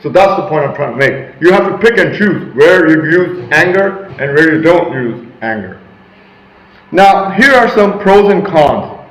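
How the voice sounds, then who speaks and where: A man vlogs a motivational monologue in a rambling, emphatic way, pushing into loud, assertive bursts. His voice sits a little high. The room gives it a noticeable echo. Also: lively intonation, unhurried. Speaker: vlogger.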